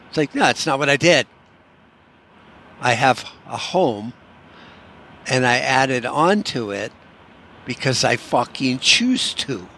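A man's voice: mid-range voice, fairly bright tone, a little hiss or hum. A man hosting a solo podcast, ranting in a profane, sarcastic way. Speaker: podcast host.

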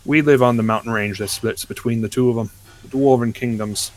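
A man voicing a gruff, blunt male dwarf merchant in a tabletop game. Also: medium pitch, fairly even intonation, a little fast, darkish tone, natural voice. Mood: explaining.

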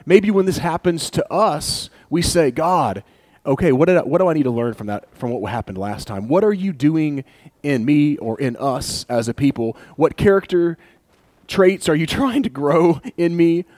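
A man preaching a sermon in a conversational, storytelling way, building to animated emphasis. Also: on the high side, moderate pace, no room sound. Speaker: pastor.

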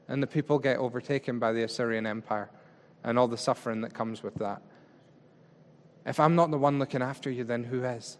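Casual preacher in an echoing hall. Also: male voice, mid-range voice, steady tone, fairly quick. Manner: casual and chatty, acts out paraphrased speech. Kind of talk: conversational sermon. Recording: long reverb of a large hall.

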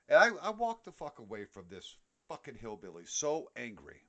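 A man's voice: medium pitch, wildly swooping pitch, brisk, hardly any pauses, fairly bright tone. A middle-aged man with a New York accent, co-hosting a podcast in a heated, profane casual rant. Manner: heated, profane ranting with frequent swearing. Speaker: podcast co-host. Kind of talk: casual chat.

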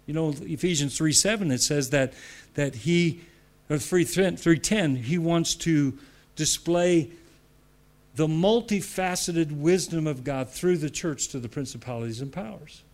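A man's voice: a little high, unhurried, a little mellow. A man preaching a sermon with emphatic repetition, laughing between points.

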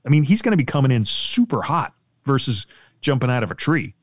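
A man's voice: mid-range voice, brisk, dry recording. A man in loose, joking conversation with friends, his voice swinging widely up and down as he builds silly theories. The sound is dry and close, with no room around it. He often breaks into acted-out bits. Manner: animated, acts out voices and theories. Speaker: co-host reacting to a video. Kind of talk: casual banter.

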